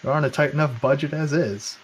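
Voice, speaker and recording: A man's voice: fairly high pitch, a little fast, slight background noise, rough recording. A man co-hosting a casual political chat, rambling with sarcastic asides. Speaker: podcast co-host.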